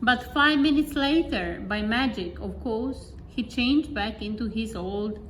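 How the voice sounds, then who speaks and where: Slow, gentle woman reading a storybook. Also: fairly high pitch, a little hiss or hum, poor audio. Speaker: nursery teacher. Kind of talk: reading a picture book to a child.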